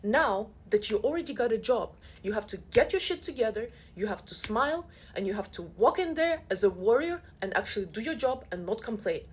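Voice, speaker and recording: A woman voicing her stern, calm father as he lectures her firmly. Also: fairly high pitch, a little fast, hardly any pauses, husky. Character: stern, calm father giving firm advice.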